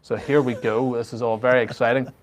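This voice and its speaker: A man co-hosting a casual political talk show, talking in halting bursts with many restarts and sardonic asides. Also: medium pitch, level tone. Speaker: editor-in-chief and co-host.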